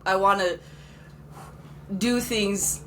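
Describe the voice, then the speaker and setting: A woman's voice: medium pitch, steady tone, extremely slow, rough recording. Giggly, slightly nervous young woman. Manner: self-conscious, giggly, a little nervous. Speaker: podcast co-host. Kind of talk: casual chat. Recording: faint background noise.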